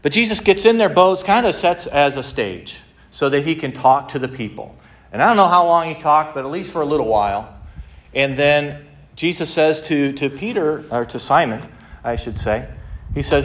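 A man gives a sermon with a somewhat high voice. He retells a story in lively words, acts out what people say and often restarts his sentences. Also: normal speed. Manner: animated storytelling with frequent restarts and acted-out quotes. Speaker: pastor.

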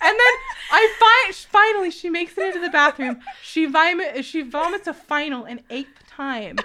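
A young woman telling a story in casual chat, animated and laughing often. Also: very high voice, moderate pace, noisy background.

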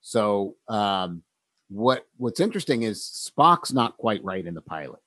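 A man in a relaxed conversation about writing, talking thoughtfully with frequent pauses, ums and easy laughter. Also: on the low side, no echo.

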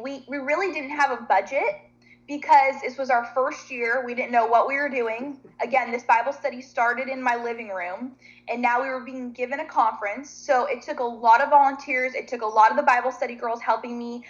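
A woman's voice: sits high, lo-fi sound. Chatty woman guest telling a story. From Nashville, Tennessee. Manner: animated, chatty storyteller who acts out quotes. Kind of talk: casual storytelling.

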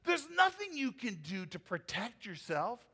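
High-voiced pastor preaching with emphatic swings. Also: male voice, very animated, measured pace, pushed and bright. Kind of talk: sermon.

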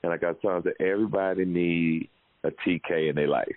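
Deep-voiced man telling stories over a tinny line. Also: fairly quick. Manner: loose, profane storytelling with animated quoted voices. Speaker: podcast host, comedian. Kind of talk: casual podcast chat. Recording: tinny phone-like sound.

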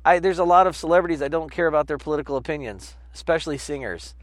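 A man's voice: fairly high pitch, very fast, no room sound. Rambling man telling profane stories. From New York. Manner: rambling, profane storytelling with silly put-on voices. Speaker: podcast co-host. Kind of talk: casual chat.

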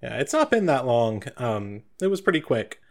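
A man's voice: mid-range voice, big pitch swings, moderate pace, gravelly. A man narrating scenes in an easygoing way as game master of a tabletop game.

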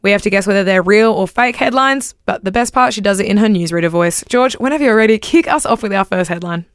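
A woman's voice: mid-range voice, quick pace, clean tone, no room sound, clean studio sound. A woman co-hosting a casual podcast chat, chatty and steering the segments along. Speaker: podcast co-host.

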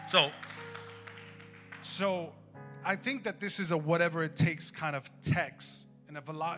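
A middle-aged man preaching a sermon to his congregation, building to loud shouts. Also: on the high side, big-room sound. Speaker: pastor. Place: church sanctuary.

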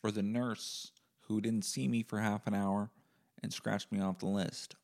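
A male podcast host giving a rambling, profane solo monologue in a deadpan comic way. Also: lowish voice, a little slow, vocal fry.

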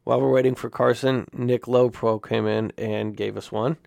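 A man's voice: mid-range voice, fairly even intonation, moderate pace, vocal fry, a little mellow, dry recording, studio quality. A young man co-hosting a podcast in laid-back casual chat, reading out listener questions. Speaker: podcast co-host.

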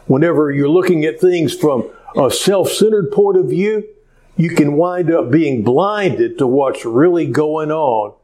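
Man, pastor, sermon, animated storytelling, slightly high voice, frequent fillers. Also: measured pace, rough recording.

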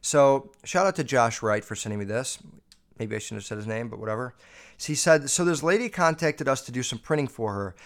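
A man's voice: mid-range voice, a little fast. A man hosting a show, reading listener messages and riffing on them with constant swearing. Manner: profane, animated, riffing. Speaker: podcast host.

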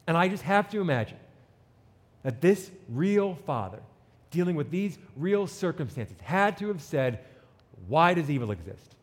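A man preaching a sermon with an animated delivery, reading scripture and acting out the people in it. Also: a little high, unhurried, big-room sound. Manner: animated preaching, reads scripture and acts out quotes. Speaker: pastor.

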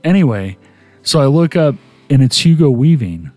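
A man's voice: mid-range voice, big pitch swings, moderate pace, darkish tone, no room sound. Male podcast host, casual rambling storyteller, dry close sound, faint music underneath. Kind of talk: casual chat.

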